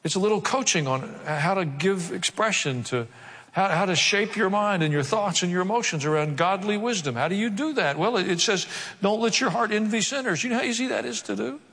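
A man preaching from scripture in a fairly high voice, slipping into wry jokes and quick put-on voices between verses. His words ring out with a long reverb through a large church hall. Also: animated, fairly bright tone, husky. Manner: humorous asides with mock voices. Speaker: pastor. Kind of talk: sermon.

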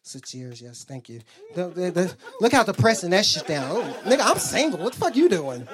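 A man's voice: high-pitched, big pitch swings, a little fast. A man doing a stand-up comedy set in a club, with loose, profane banter and some crowd work.

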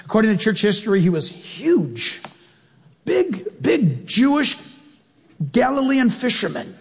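A male preacher delivering an animated sermon, acting out voices and calling questions to his congregation. His voice is high and husky. It echoes with long reverb in a church hall. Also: unhurried. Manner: animated, acts out quotes, questions the audience.

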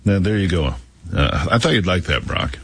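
A man's voice: sits low, expressive, moderate pace, slight background noise. A middle-aged man co-hosting a talk radio show, chatting in a sarcastic, dismissive way. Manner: sarcastic, dismissive, mock-dramatic. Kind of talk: casual opinionated talk radio chat.

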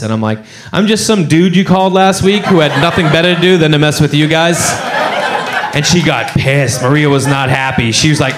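A man's voice: fairly high pitch, fairly quick, a crowd in the background. A man doing stand-up on a comedy club stage, telling a story and acting out the other people's voices. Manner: animated, acts out voices.

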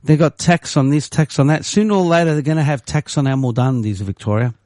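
A man co-hosting a casual podcast chat, ranting and joking in a rambling way, with loud mock voices now and then. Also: a little high, fairly quick, no room sound, studio quality. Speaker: podcast co-host.

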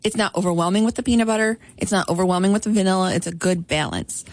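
A woman's voice: mid-range voice, fast, no room sound. A woman co-hosting a morning radio show, talking casually and teasing her partner with a playful manner. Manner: playful, teasing, frequent ums. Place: radio studio.

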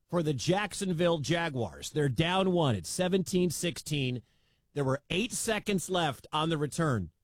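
A man hosting a radio sports show, calling football with emphatic, excitable commentary that climbs into shouts. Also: sits high, dry recording. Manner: emphatic, rising to loud shouts at big plays.

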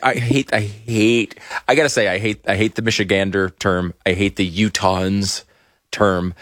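A man co-hosting a casual political podcast, sarcastic and quick to laugh. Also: on the low side, dry recording, clean studio sound. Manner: laughs often, lively sarcastic delivery. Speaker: podcast co-host.

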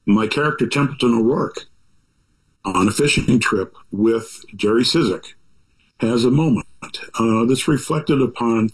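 Older guy, chatty and folksy, rambles with lots of asides, mid-pitch voice. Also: unhurried, poor audio. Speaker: author talking about his book. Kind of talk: reflective conversational monologue.

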